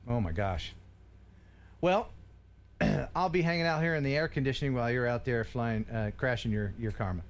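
A man's voice: medium pitch, moderate pace, slight background noise. A man hosting a casual live stream about drones, joking and teasing his co-host, laughing often. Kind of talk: casual chat.

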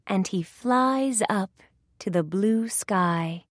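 A woman reads a children's story aloud in short, simple sentences. She speaks very slowly and clearly so young listeners can follow. The recording is dry and close. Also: mid-range voice, dry recording.

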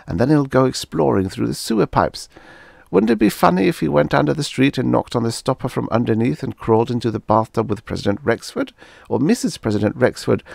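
A man voicing a professor's excitable young daughter who speaks in a gleeful, mischievous rush. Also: mid-range voice, vocal fry, dry recording, studio quality, pitched above the performer's own voice, exaggerated voice.

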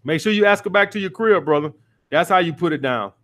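A man's voice: fairly high pitch, animated, fast, a bit bright. A man coaching callers on dating, lecturing bluntly and cursing freely. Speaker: dating coach taking calls. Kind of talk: call-in advice show.

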